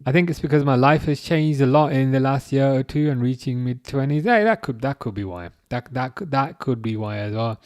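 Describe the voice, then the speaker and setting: A man's voice: mid-range voice, no room sound. Guy in his 30s chatting on a live football stream, stop-start and chuckly, dry close mic. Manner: halting, many restarts, chuckles often. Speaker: streamer hosting a football watchalong. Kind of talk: casual live-stream chat reading comments.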